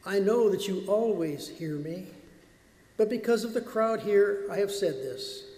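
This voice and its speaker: A man reading the lines of a calm, solemn male teacher in a scripture reading, in an echoey church. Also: sits high, unhurried. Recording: echoey church with long reverb.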